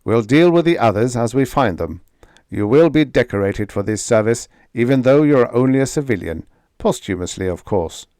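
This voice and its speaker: A man's voice: medium pitch, expressive, moderate pace, a little mellow, no room sound, clean studio sound, pitched above the performer's own voice, close to an everyday voice. A man reading the lines of a brusque military commander speaking over a ship's radio panel, clipped and commanding.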